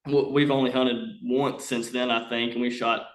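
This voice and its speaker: A man's voice: medium pitch, little pitch movement, moderate pace. A young man, a guest on a podcast, telling a long hunting story casually and animatedly, with many fillers. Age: young adult. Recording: roomy echo.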